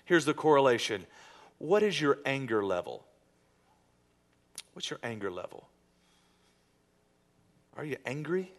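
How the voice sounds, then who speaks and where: A man's voice: mid-range voice, very animated, a little slow, long pauses. A male pastor preaching a sermon in a conversational way, with jokes and acted-out asides to the congregation. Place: church sanctuary with congregation.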